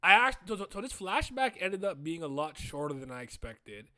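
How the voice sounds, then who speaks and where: Excitable man reacting, bright and dry. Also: on the high side, fairly quick, no echo. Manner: excitable, laughs often, swings into loud trash talk. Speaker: manga reaction host. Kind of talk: casual reading reaction.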